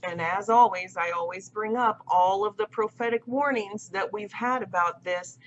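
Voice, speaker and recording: A woman's voice: medium pitch, normal speed, a little hiss or hum. A woman in her thirties talking to camera in a casual vlog monologue, emphatic and insistent, often repeating her points. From United States. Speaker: vlogger. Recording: dull lo-fi audio.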